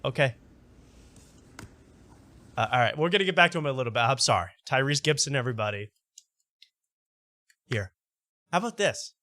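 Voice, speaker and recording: A man's voice: medium pitch, expressive, brisk, pauses often, bright, forceful tone, no room sound, clean studio sound. A man hosting a late-night show, talking in a rambling way that keeps interrupting itself and stumbling over repeated words. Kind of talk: casual late-night monologue.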